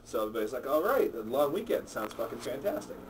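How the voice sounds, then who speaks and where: A man's voice: medium pitch, very animated, fast talker, recorded from a distance, background noise. A man telling crude, profanity-filled jokes to friends in an apartment, acting out each character. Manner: crude, swears freely, acts out characters. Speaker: joke teller.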